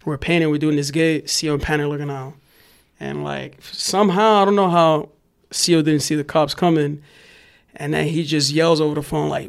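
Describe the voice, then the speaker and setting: A man telling a street story in casual chat, profane and animated, full of "like" and acting out other people's shouts. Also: fairly high pitch, moderate pace. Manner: animated, profane, lots of "like", acts out yelling voices. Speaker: graffiti writer guest.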